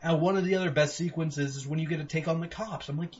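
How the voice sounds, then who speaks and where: Man, podcast co-host, casual game review, swears a lot, excitable, muffled lo-fi audio. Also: on the high side, quick pace. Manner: profane, excitable, rants with acted-out quotes. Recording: dull lo-fi sound with faint noise.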